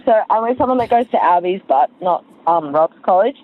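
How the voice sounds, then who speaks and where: A woman's voice: on the low side, lively intonation, fairly quick, slight background noise. A woman leaving a hesitant message for a podcast hotline. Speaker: caller. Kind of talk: voicemail message. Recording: tinny phone line.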